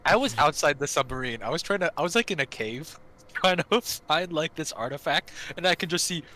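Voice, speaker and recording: A man chatting on a voice call, telling gaming stories in an animated, loose way full of swearing. His voice is bright and high-set, and it swings widely up and down as he acts out other people's lines. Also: a little fast. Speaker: gaming friend on stream. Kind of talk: casual storytelling chat.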